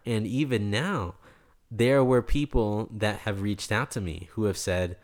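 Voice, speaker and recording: A young man from New York, a guest in an interview, telling a story in an animated way and acting out the people he quotes. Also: fairly low pitch, unhurried, hardly any pauses. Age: young adult.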